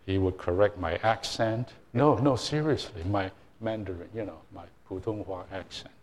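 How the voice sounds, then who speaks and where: An older man preaches to a congregation in a loose, storytelling way, often pausing on fillers and restarting his sentences. His voice sits fairly low, and he pokes fun at himself as he speaks. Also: steady tone. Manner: anecdotal, self-deprecating, frequent fillers and restarts. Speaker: church minister. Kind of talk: informal sermon talk.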